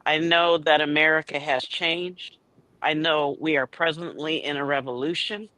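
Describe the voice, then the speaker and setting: A man on a panel, speaking earnestly and in a measured way. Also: a little high, steady tone, pushed and bright, no room sound, rough recording. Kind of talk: casual panel chat.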